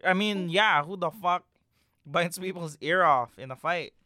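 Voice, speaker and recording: A man co-hosting a casual podcast chat, deadpan and teasing. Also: sits high, unhurried, no room sound, clean studio sound.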